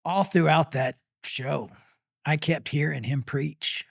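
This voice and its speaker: A middle-aged man from Texas, a pit master guest, telling a personal story in an interview, halting and full of pauses and fillers. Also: on the high side, creaky, no room sound, studio quality.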